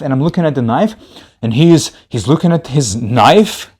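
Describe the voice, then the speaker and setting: Animated rambling male storyteller. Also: mid-range voice, a little fast, breathy edge. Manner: rambling, animated, repeats himself. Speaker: comedy podcast host. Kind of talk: comedic storytelling.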